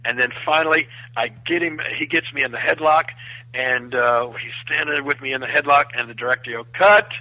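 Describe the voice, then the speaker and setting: Male storyteller, bright and forceful, animated, dry close-mic sound. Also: mid-range voice, a little fast, no echo, poor audio. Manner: animated, acts out quoted voices. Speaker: guest storyteller. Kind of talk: casual storytelling on a podcast.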